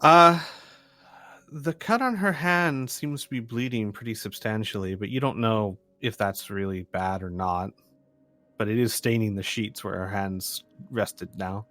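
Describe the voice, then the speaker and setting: A man running a tabletop game as game master, relaxed and often hesitant, with many fillers. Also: lowish voice, unhurried.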